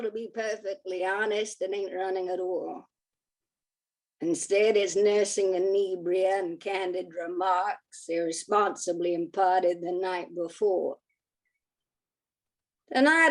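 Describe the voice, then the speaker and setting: A woman's voice: mid-range voice, close to an everyday voice, rough recording. A woman reading her own poem in a put-on American accent, voicing a jaded, witty, tipsy woman poet with a dry, sardonic delivery over a video call. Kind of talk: dramatic poetry reading in character.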